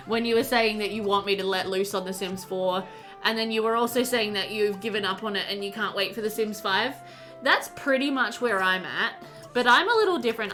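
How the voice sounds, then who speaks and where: Bright, chatty woman streaming a game. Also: fairly high pitch. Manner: chatty and excitable, many fillers, reads and answers chat. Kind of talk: casual live-stream chat while playing.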